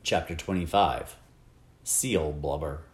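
A man reading a children's novel aloud with expressive, wide-ranging storytelling. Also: extremely low pitch, slow, reverberant. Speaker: audiobook narrator. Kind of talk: scripted narration.

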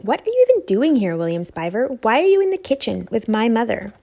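A woman's voice: fairly high pitch, sing-song, brisk, dark tone. A woman doing an indignant, dramatic storybook girl. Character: fierce, dramatic, bookish young girl.

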